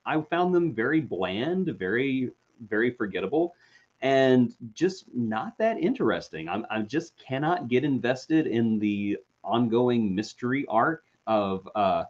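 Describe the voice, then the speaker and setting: A man co-hosting a casual live show, joking around with animated reactions. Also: mid-range voice, a little slow, muffled recording. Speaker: co-host.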